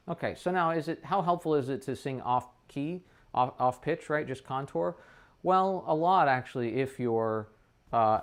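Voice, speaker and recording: A trumpet teacher talking a student through his practice session, thinking aloud and often checking in with a quick "right?". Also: medium pitch. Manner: thinks aloud with frequent restarts. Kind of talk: casual practice demonstration.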